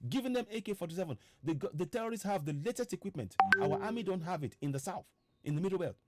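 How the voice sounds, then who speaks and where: A man's voice: high-pitched, lively intonation, fast talker, over loud music. A man with a Nigerian accent hosting an impassioned online broadcast, firing off repeated rhetorical questions with stammering restarts. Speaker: political activist host.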